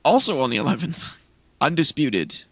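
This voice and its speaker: A man's voice: a little high, big pitch swings, normal speed, breathy edge, no echo. A man co-hosting a gaming podcast in casual chat, rambling through a list of game releases with restarts. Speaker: podcast co-host.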